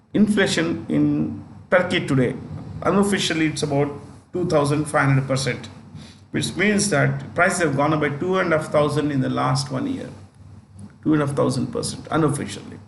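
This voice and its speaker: A man with an Indian English accent delivers a current affairs lecture for exam prep at a moderate pace, his fairly high voice creaky. He repeats himself, restarts phrases, and keeps asking his students "got it?". The room is echoey, with faint noise.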